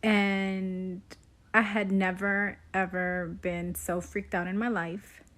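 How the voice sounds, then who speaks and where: A woman's voice: medium pitch, little pitch movement, slow, fairly bright tone. A mother telling a story to camera about her young daughter in an earnest, hesitant way, with frequent ums.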